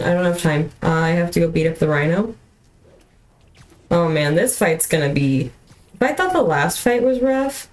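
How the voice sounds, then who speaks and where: Over a rough recording, a young woman with a lowish, darkish voice talks casually while livestreaming a game from home. Her chatter rambles along with plenty of fillers and false starts, and she often laughs as she says sorry.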